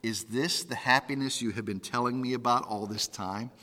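A man voicing an eager but fickle male traveling companion, his voice lifting high and excited, with a long hall reverb. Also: moderate pace, lightly acted. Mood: offended.

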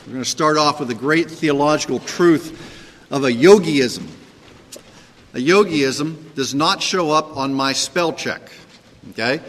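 A man's voice: on the high side, a little slow, a bit bright, in a large hall. A man preaching a sermon as pastor, reading scripture aloud, then explaining it in a conversational way with frequent "okay?" check-ins. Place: church sanctuary.

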